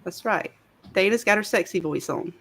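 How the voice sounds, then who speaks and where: A woman's voice: medium pitch, normal speed, vocal fry, fairly bright tone. A woman with a Southern US accent co-hosting a casual livestream, chatty and greeting viewers by name. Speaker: livestream co-host.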